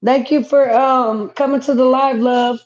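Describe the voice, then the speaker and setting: A woman's voice: high voice, steady tone, unhurried, a little mellow, dull audio. A woman chatting casually to viewers on a home livestream, reading comments aloud. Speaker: livestream host. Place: home, indoors.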